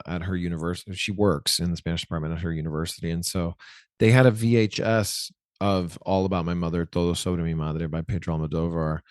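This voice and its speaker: A man's voice: low-pitched, no room sound, studio quality. A man in his forties chatting as an interview guest, rambling and correcting himself with lots of likes. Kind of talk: casual interview chat.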